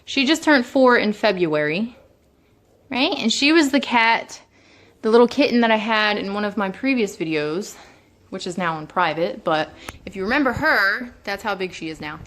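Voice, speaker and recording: A young woman casually introducing her pet cats at home, chatty, sometimes slipping into high baby talk for them. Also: expressive, normal speed, fairly bright tone. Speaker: vlogger. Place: home, indoors.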